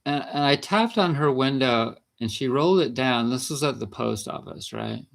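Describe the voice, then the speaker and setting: A man's voice: medium pitch, animated, moderate pace, gravelly. A man vlogging about natural health in a casual, rambling monologue, chatty and laughing between sentences.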